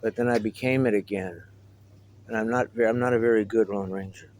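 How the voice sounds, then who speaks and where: A man's voice: lowish voice, steady tone, brisk, a little mellow, slight background noise, low-quality recording. A middle-aged man talking casually to the camera in a meandering, reminiscing way, with wry asides. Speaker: vlogger. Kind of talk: casual rambling monologue to camera.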